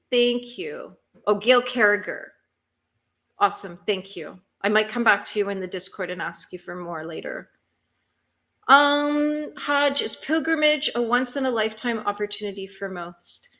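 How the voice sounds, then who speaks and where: A chatty woman hosting a relaxed livestream, talking to her viewers in a slightly high voice. She laughs often and fires off curious questions as she reads their comments. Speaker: livestream host. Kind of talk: casual chat reading viewer comments.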